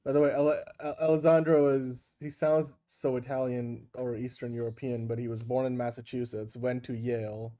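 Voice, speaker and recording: A man co-hosting a casual podcast chat, animated and quick to laugh and react. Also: medium pitch. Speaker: podcast co-host.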